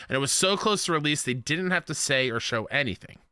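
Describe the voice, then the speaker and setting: A man's voice: fairly high pitch, lively intonation, quick pace, pushed and bright, smooth, no echo, clean studio sound. A man co-hosting a casual gaming podcast, laughing often and reading listener letters aloud. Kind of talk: casual chat.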